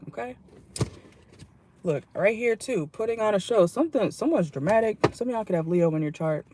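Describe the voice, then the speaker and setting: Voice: mid-range voice, warm tone, slight background noise. Blunt, salty tarot reader in a car. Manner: blunt, salty, chatty, laughs often. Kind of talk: casual channeled tarot reading. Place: parked car.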